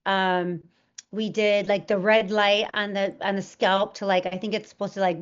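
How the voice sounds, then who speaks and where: A woman's voice: mid-range voice, flat delivery, normal speed, clean tone. A woman being interviewed, telling her personal story earnestly, with many fillers and restarts. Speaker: interview guest. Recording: dull lo-fi audio.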